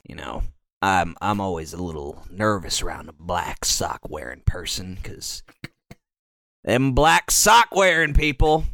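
A man putting on a slow, menacing Southern drawl as a parody bigot, savoring every word. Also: mid-range voice, creaky, pushed and bright, no room sound, studio quality, heavily acted. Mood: creepy drawl. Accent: American Southern, put on.

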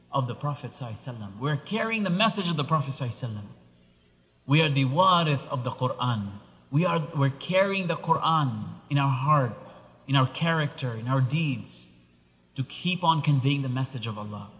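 A man preaching a sermon, telling a story with animated, rising exclamations. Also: medium pitch. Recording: long reverb of a large hall.

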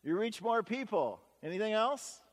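A man's voice: high-pitched, big pitch swings, normal speed, in a large hall. A man preaching a sermon as pastor, talking in a conversational, folksy way with stories and asides.

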